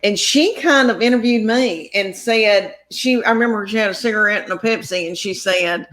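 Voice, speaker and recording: A woman's voice: medium pitch, normal speed, few pauses. Woman comic, rambling storyteller, acts out quotes in a chatty interview. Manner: rambling, animated anecdotes with quoted dialogue. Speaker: comedian guest.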